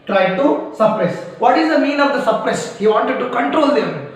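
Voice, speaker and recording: A man's voice: very high voice, expressive, normal speed. A man teacher with an Indian English accent giving a classroom lecture, repeating key phrases and quizzing his students. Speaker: school teacher. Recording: echoey room, voice from a distance.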